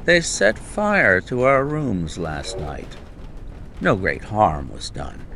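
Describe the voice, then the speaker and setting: A man reading a calm, clever detective who speaks in a dry, wry, brisk way in a storybook. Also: lowish voice, gravelly, slight background noise, heavily acted. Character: calm clever male detective in his prime.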